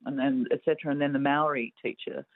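A woman's voice: rumbling low, steady tone, fast, no echo. A woman calling in to a radio show, rambling enthusiastically from one point to the next. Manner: rambling, enthusiastic name-dropping. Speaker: caller. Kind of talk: casual phone chat. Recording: tinny phone line.

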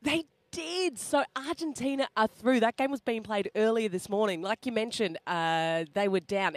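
A woman's voice: mid-range voice, no echo. A woman with an Australian accent, a field reporter doing a chatty live cross on radio. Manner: chatty and laughing, quick asides. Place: at a roadside hotel.

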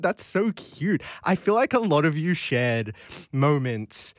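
A young man hosts late-night radio, reading out listener texts in loose, casual chat. He wanders into tangents and giggles, his pitch leaping all over the place. The studio sound is dry and close. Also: big pitch swings, unhurried, no room sound. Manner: rambling, giggly, jumps into tangents. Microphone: studio microphone.

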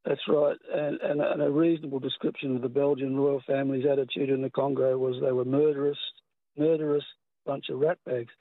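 A man's voice: medium pitch, little pitch movement, fairly quick, no room sound. A man with an Australian accent calling in to a radio show, rambling and hesitant. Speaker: caller. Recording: tinny phone line.

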